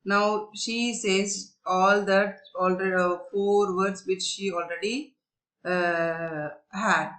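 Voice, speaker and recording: A woman's voice: mid-range voice, steady tone, slow pace, fairly bright tone. A woman teacher explaining a story to young children, repeating herself, searching for words and asking them questions.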